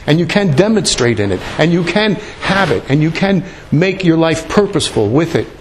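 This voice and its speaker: A man's voice: a little high, sing-song, moderate pace, a little hiss or hum. A man preaching a sermon in a loose, conversational way, with asides and repeated words. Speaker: pastor. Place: church.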